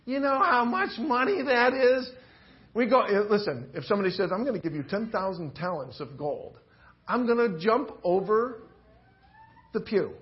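A man's voice: high voice, animated, moderate pace, highs cut off. A male preacher giving a sermon, talking animatedly and acting out the story in different voices.

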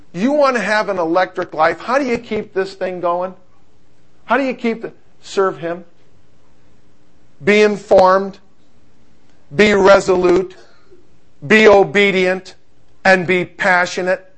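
A middle-aged man preaching a sermon, telling stories in an animated, humorous way. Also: high voice.

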